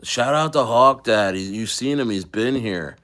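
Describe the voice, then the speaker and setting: A man's voice: mid-range voice, unhurried, fairly bright tone. A man talking casually on his crypto livestream, rambling and joking with frequent profanity and laughter.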